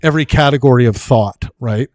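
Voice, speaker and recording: A man from Canada moderating a live online debate, calm and conciliatory, often restarting his sentences. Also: mid-range voice, brisk, no room sound.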